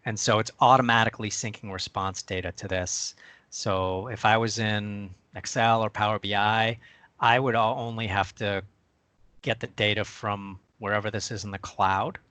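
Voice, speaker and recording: A man on a video call sharing his screen and walking through a software demo step by step in a chatty way. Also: lowish voice, steady tone, moderate pace, no room sound. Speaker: co-presenter.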